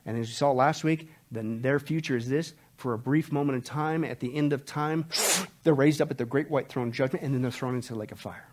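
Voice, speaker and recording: A man preaching an expository sermon to a church congregation, swinging between loud emphatic outbursts and low hushed warnings. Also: fairly quick. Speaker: pastor. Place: church service.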